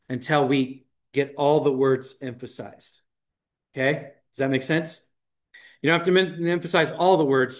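A man with a mid-range voice leads an informal group Bible study, speaking haltingly with frequent restarts and ums.

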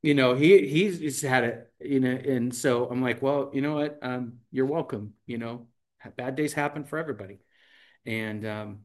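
A man leading a Bible study group tells anecdotes in casual conversation, acting out what people said. His voice is mid-range and his pace moderate.

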